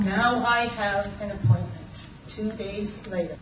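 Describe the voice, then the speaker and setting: An older woman from Massachusetts performing a personal story live, animated and slipping into voices and bits of song. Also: mid-range voice, measured pace. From Lawrence, Massachusetts. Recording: roomy, distant from the mic, faint room noise.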